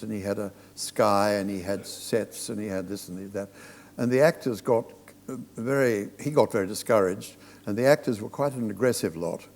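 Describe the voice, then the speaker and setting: A man's voice: lowish voice, darkish tone, in a large hall. An older man, a stage director, telling reflective anecdotes as a guest in a live conversation on a theatre stage. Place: theatre platform before an audience.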